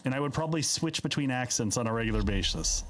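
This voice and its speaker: A man's voice: medium pitch, lively intonation, fast talker, background noise. A man playing a game live, chatting casually and reading the on-screen dialogue aloud in a playful way. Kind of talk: casual live-stream commentary.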